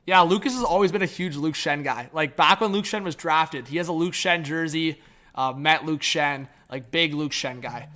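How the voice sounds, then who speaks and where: A man live-streaming reaction commentary who chats to viewers and his dog, and swings between mumbling and shouting. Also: fairly high pitch, normal speed.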